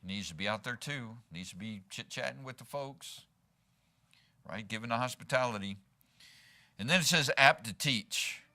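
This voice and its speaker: The sermon comes from a man with a mid-range, sharp voice at a moderate pace, preaching as pastor in a church sanctuary. He talks in an easygoing way, frequently asking the congregation "right?"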